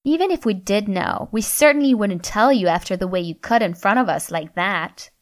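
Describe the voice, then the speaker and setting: A woman's voice: mid-range voice, normal speed, close to an everyday voice. A woman doing a sassy, mocking college girl. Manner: mocking and scornful. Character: sassy, dismissive young female college student.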